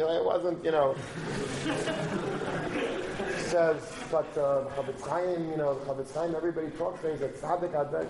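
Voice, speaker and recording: A man giving a storytelling sermon, moving between animated retelling and forceful exhortation. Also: fairly high pitch, normal speed, long pauses, noisy background. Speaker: preacher. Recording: roomy recording with faint background.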